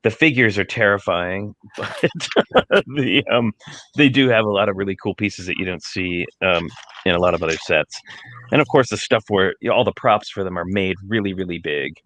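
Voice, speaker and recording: A man's voice: low voice, moderate pace, fairly bright tone, dry recording. A man chatting on a casual livestream over a video call, rambling with lots of fillers. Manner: rambling, filler-heavy, laughing.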